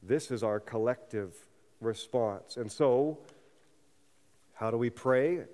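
A man's voice: mid-range voice, slow pace, a little mellow. A man preaching a sermon as a pastor, earnest and building to fervent emphasis. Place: church sanctuary. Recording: long reverb of a church hall.

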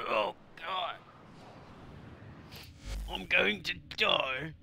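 A man's voice: high-pitched, creaky, bright, forceful tone, slight background noise. A man giving gameplay commentary, exasperated and grumbling with mock-formal asides, his throat sore and coughing. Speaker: gamer.

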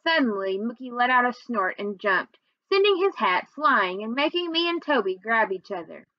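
A woman's voice: fairly high pitch, very animated, moderate pace, no echo, muffled recording. Woman reading a novel aloud to students. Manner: recaps with many fillers, then reads steadily.

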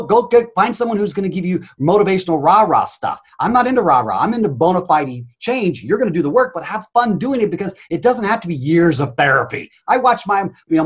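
A man's voice: high voice, slightly rough. A man speaking as a coaching guest on a podcast, blunt, emphatic and full of energy, swearing freely. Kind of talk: energetic interview talk.

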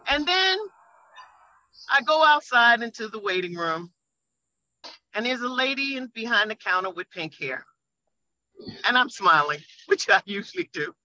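A woman calling in from a car on the highway, telling an emotional church testimony in an animated way and laughing often as she goes. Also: unhurried, pauses often, no room sound, low-quality recording. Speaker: church member giving a testimony.

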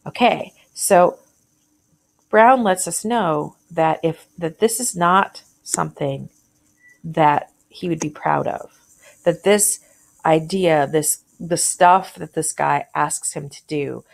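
A woman's voice: low voice, takes it slowly, gravelly. A woman teacher walking through a short story in a conversational way, thinking aloud and asking questions as she annotates.

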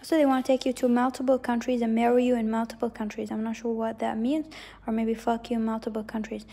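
A woman gives a loose, wandering tarot reading, circling back to repeat her points and hedging as she goes. Her voice sits a little high, with a mellow, dark tone and plenty of vocal fry. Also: flat delivery, fast talker. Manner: rambling, hedging, repeats herself. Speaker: tarot reader. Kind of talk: casual psychic tarot reading.

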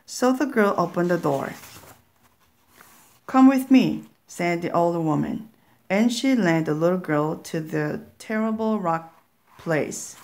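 A woman narrating a children's story slowly and clearly, as a reading for learners. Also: on the low side, animated. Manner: slow, clear, deliberate.

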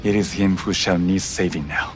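A serene wandering monk, voiced by a man in a video game. He speaks formally and with measured calm, in a fairly low voice. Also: background noise, close to an everyday voice.

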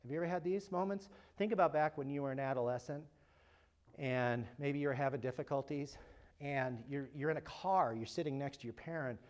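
A man giving a talk at a parent workshop, asking the audience questions and joking with them. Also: fairly high pitch. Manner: animated, asks the audience questions, jokes. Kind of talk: lively talk to a live audience. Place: room with a live audience.

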